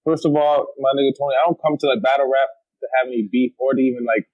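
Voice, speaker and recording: A man's voice: medium pitch, fairly even intonation, quick pace, no echo, phone-quality sound. A young man with a Toronto accent, a battle rapper talking bluntly and streetwise in a casual interview. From Canada. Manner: streetwise, blunt, frequent slang and "you know what I mean".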